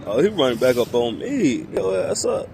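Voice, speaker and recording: Animated man narrating outdoors. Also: medium pitch, normal speed, creaky, slight background noise. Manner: animated, voices the birds' thoughts in comic asides. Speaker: vlogger. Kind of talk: casual outdoor vlog narration.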